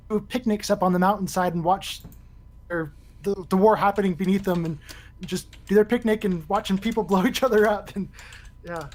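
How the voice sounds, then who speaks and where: A man from southern Utah, a guest on a live stream, speaking casually and hesitantly, searching for words and chuckling. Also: sits high. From southern Utah, USA.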